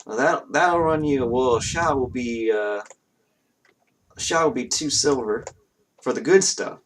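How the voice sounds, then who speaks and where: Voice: medium pitch, measured pace, close to an everyday voice. A game master voicing a folksy country waitress with a bad put-on country drawl. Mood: chatty.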